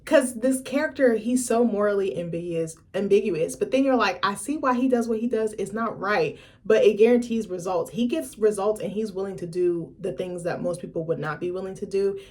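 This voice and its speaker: A young adult woman vlogger in casual chat to camera, talking in a chatty, blunt and profane way with lively asides. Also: medium pitch, brisk, hardly any pauses.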